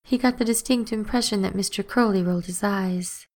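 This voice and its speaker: A woman narrates an audiobook with steady, even storytelling, her medium-pitched voice moving a little fast.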